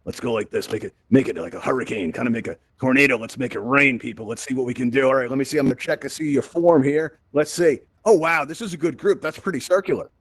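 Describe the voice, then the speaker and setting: Fast-talking upbeat man hosting a lesson. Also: medium pitch, breathy edge. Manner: upbeat, encouraging, playful asides. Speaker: VR event host and instructor. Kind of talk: live instructional walkthrough. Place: virtual reality event space.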